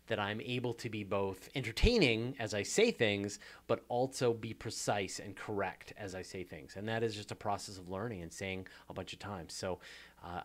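A Canadian man hosting a casual viewer Q&A, chatty and self-deprecating, with many fillers and restarts. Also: lowish voice. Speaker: show host answering viewer questions. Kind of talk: casual live Q&A chat.

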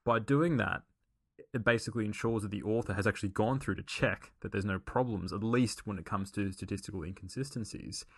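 A man's voice: lowish voice, fairly quick, breathy edge, dry recording, studio quality. A man co-hosting a podcast, explaining things earnestly with frequent fillers and restarts. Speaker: podcast co-host. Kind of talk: casual podcast chat.

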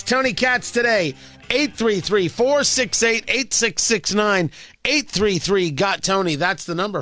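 A man's voice: sits high, pushed and bright, dry recording. A man hosting a political talk radio show, delivering a sarcastic, combative monologue into a studio microphone.

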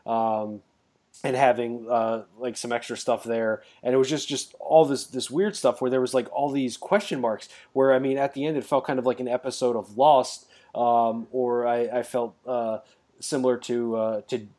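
A man's voice: medium pitch, steady tone, normal speed, mellow. A man co-hosting a podcast in casual chat, rambling along with many fillers and restarts. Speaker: podcast co-host.

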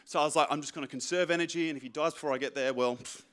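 Young male pastor, bright tone, lively self-mocking sermon storyteller. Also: fairly high pitch, racing.

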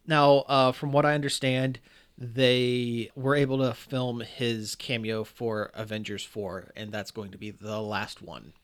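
A man hosting a casual podcast chat, telling stories with lively enthusiasm and plenty of fillers. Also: medium pitch, measured pace, clean tone.

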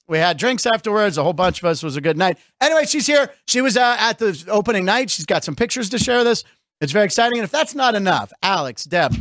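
A man hosting a comedy sports show from a studio, talking in jokey, animated banter. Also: high voice, no echo. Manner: animated, jokey, puts on mock announcer voices. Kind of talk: joking radio-style banter.

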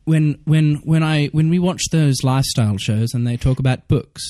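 A man's voice: a little high, moderate pace, warm tone, dry recording, studio quality. A man with a mild Australian accent hosting a casual chat, joking and swearing loosely. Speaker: podcast host.

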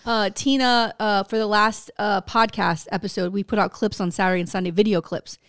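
A woman co-hosting a casual podcast, talking bluntly with plenty of swearing and animated storytelling. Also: medium pitch, brisk, no room sound, studio quality. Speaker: podcast co-host.

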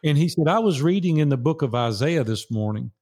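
A man's voice: on the high side, expressive, a little fast, darkish tone. A man in his sixties, a guest on an interview show, telling a personal story in an earnest, preacherly way and acting out the dialogue.

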